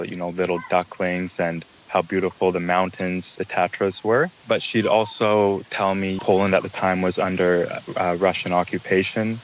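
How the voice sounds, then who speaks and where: Very low, even-toned man, measured interview storyteller. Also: a little hiss or hum. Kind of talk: casual personal storytelling.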